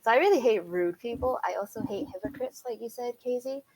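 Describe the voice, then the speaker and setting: A woman's voice: a little high, a little fast, background noise. A young woman co-hosting a casual podcast, speaking frankly and bluntly. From New York. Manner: frank and blunt, telling stories with reactions. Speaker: podcast co-host. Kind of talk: casual chat.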